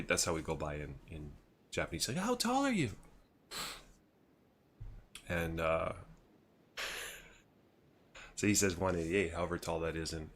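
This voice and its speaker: Deep-voiced gamer dude in his 30s rambling a story, laughing a lot, faint hiss. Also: fairly bright tone. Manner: rambling, laughing, with many restarts. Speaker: streamer. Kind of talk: casual storytelling on a gaming livestream.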